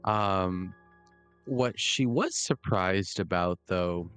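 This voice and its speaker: Uomo dalla voce profonda e lenta. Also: male voice, sits low, extremely slow, a bit bright, smooth, soft background music. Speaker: player. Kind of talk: describing his character in a tabletop game.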